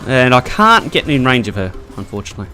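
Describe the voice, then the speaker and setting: Young male gameplay commentator, casual and chatty, tense bright tone. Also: medium pitch, quick pace. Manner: chatty, laughs often, excitable at tense moments. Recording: faint background music.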